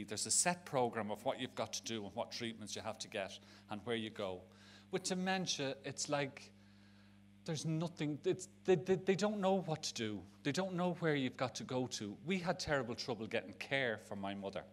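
A frank middle-aged man from Dublin, Ireland, speaks on stage at a charity event, his medium-pitched voice carrying a Dublin Irish accent over slight background noise. His personal talk to the audience is emotional and rambling, with frequent restarts.

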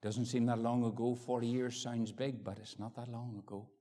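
A Northern Irish man in his fifties preaching an evangelistic sermon, swinging from ringing pleas to hushed near-whispers. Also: medium pitch, level tone, normal speed. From Northern Ireland. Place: church hall. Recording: echoey hall with long reverb.

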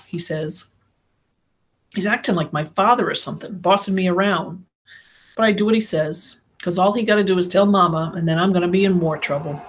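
A woman's voice: lowish voice, fairly even intonation, normal speed. A woman reading an audiobook in the first person, telling the story in a plain, slangy girl's voice. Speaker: audiobook reader.

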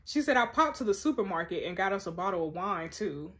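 A woman reads a chat story out loud and keeps cutting in with her own heated remarks. She is sassy and animated, with quick-tempered, slangy asides between the messages. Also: mid-range voice. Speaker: host. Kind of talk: reading a text-message story game aloud with reactions.

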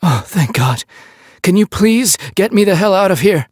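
A man's voice: high voice, animated, moderate pace, darkish tone, husky, no echo, clean studio sound, pitched above the performer's own voice. A man doing a desperate, beaten-up American man. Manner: pleading, strained, raised voice.

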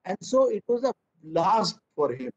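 A man in his fifties with an Indian English accent, a children's author giving a jokey, animated storytelling talk. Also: high-pitched, a little slow. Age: 50s. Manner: animated, jokey, acts out dialogues and voices. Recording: dull lo-fi online talk audio.

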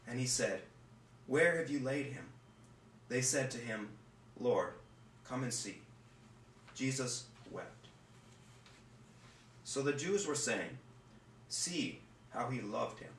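A male pastor preaches from home in an earnest, halting way, often repeating his words. He sits back from the mic, and his voice rings through a roomy space with faint noise behind it. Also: mid-range voice, fairly bright tone, far from the mic. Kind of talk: scripture reading and sermon. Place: home room.

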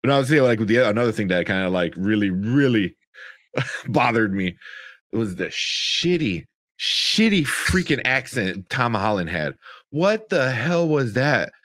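A man talking in a relaxed podcast chat, rambling with plenty of fillers and swearing, often breaking into laughter. His pitch sits in the ordinary middle, and the sound is dry and close. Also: a little slow, no echo. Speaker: podcast co-host reviewing a movie. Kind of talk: casual chat.

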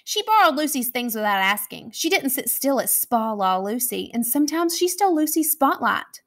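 A woman with an American accent reading a children's picture book aloud, expressive and animated, taking on voices for the characters. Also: high voice, normal speed. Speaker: school academic coach reading aloud. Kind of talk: children's storybook read-aloud.

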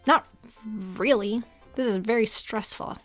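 A woman's voice: on the high side, a little slow, a bit bright. A young woman narrating her gameplay with sarcastic asides, often dropping to a whisper. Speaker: gaming streamer. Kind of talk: casual let's play commentary. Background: faint game music.

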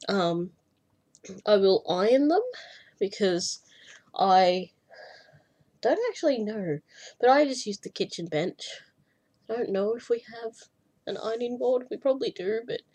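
A young woman vlogging about her cross-stitch hobby, breathy and often short of breath, rambling casually with fillers and self-deprecating asides. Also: medium pitch, mellow. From Australia. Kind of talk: casual chat.

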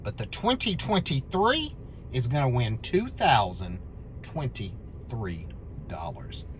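Slow-talking scratch-off host. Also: medium pitch, a little hiss or hum. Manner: counts numbers aloud, bursts into excited shouts at wins. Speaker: scratch-off lottery channel host. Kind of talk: calling numbers while scratching lottery tickets.

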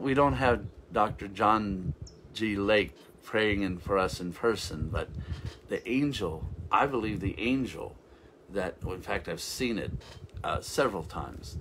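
A man's voice: fairly low pitch, measured pace, fairly bright tone, a little hiss or hum. A man giving an informal, rambling sermon as a revival minister, with frequent restarts and interjections of praise.

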